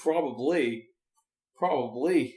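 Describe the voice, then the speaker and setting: A man's voice: medium pitch, slow, a little mellow, echoey room. A man, a preacher hosting a podcast, chatting casually and rambling as he hunts for words with many restarts. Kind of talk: casual chat.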